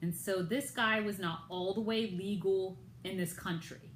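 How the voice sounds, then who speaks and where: A woman's voice: mid-range voice, fairly even intonation, unhurried, reverberant, slight background noise, poor audio. An American woman telling a personal story in a vlog, retelling it with indignation and acting out others' lines in raised voices. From United States. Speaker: vlogger.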